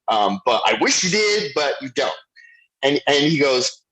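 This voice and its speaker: A middle-aged man, a guest actor, telling a lively anecdote and acting out the voices of the people in it. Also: mid-range voice, moderate pace, rough recording. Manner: animated storyteller, acts out quoted voices. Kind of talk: anecdotal storytelling.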